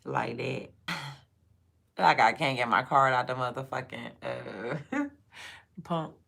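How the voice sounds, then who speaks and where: Low, gravelly-voiced woman chatting on a livestream. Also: slow. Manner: profane, laughing, loud and playful. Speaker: mother. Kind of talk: casual livestream chat.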